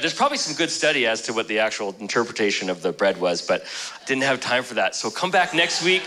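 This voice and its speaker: A man's voice: medium pitch, big pitch swings, quick pace, bright, forceful tone, rough recording. A male pastor preaching a sermon in a joking, conversational storytelling way.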